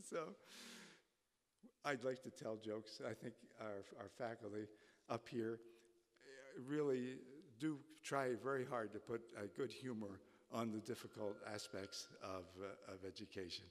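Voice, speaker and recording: Casting: a halting ex-professor telling a story live, mid-pitched, in a church hall with a long reverb. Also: male voice. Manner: halting, with many restarts. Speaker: retired college faculty.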